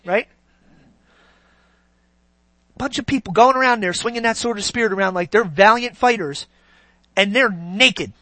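A preacher delivering a sermon, swinging between loud, drawn-out emphasis and quiet, near-whispered lines. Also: mid-range voice, dry recording. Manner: slow, drawn-out stresses on key words.

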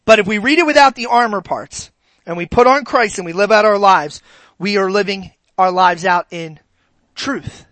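A preacher giving a sermon, animated and asking the congregation rhetorical questions. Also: medium pitch, moderate pace, no room sound, poor audio.

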